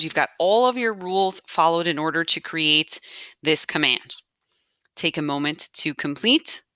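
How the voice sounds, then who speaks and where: A woman's voice: low voice, bright, forceful tone, no room sound, studio quality. A woman teaching a grammar lesson step by step, patiently explaining aloud as she marks up her notes. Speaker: Spanish teacher.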